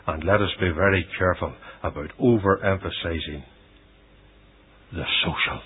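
A man preaching a sermon, voicing scripture dramatically and swinging from loud declarations to hushed asides. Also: deep voice, very animated, normal speed, slightly rough. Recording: dull lo-fi radio recording.

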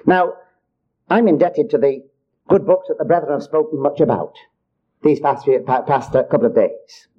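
A man's voice: medium pitch, husky. An older man preaching a sermon in an earnest, repetitive way, often calling his hearers child of God. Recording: dull lo-fi recording.

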